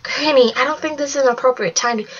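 A woman's voice: sits high, fast, dull audio. A woman reading aloud, voicing an eager, proud young woman from a storybook.

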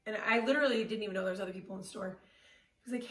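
A woman's voice: mid-range voice, racing. Candid woman storyteller, echoey and distant. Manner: candid, animated, self-deprecating with casual fillers. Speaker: motivational speaker. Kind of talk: personal storytelling talk. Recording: roomy echo, voice from far off the mic.

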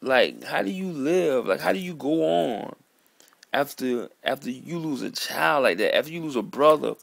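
A man in an earnest, halting vlog monologue, sitting at home at his computer. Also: medium pitch, expressive, vocal fry, a bit bright, no room sound. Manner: earnest, halting, repeats words and calls listener "man". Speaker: vlogger. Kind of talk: emotional monologue to camera.

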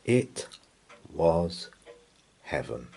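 A man reading a children's picture book aloud as a bedtime story, in an expressive, soothing manner. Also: extremely low pitch, drawn-out words, creaky, noisy background.

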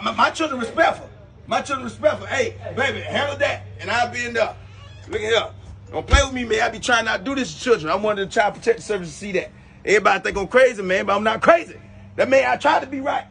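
A man in his thirties playing a boastful young boyfriend in a comedy sketch, loud and rambling, stammering as he talks. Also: very high voice, creaky, slight background noise, full character voice. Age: 30s. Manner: loud, rambling, stammers, Southern-flavored slang.

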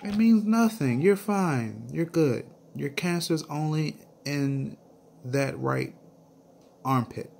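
A man doing a calm, upbeat male doctor. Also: fairly high pitch, takes it slowly, creaky, slight background noise, pitched above the performer's own voice. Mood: reassuring.

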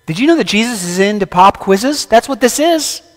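Conversational preacher in a reverberant church. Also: male voice, high-pitched, lively intonation, moderate pace. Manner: conversational, quizzing the congregation with questions; playful humorous asides. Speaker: guest preacher. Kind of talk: sermon. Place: church sanctuary. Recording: long church hall reverb.

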